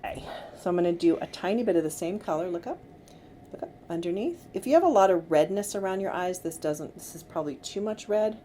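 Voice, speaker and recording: A middle-aged woman working as a makeup artist, giving gentle, coaxing instructions to a client during a tutorial. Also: fairly low pitch, expressive, quick pace. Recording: faint background noise.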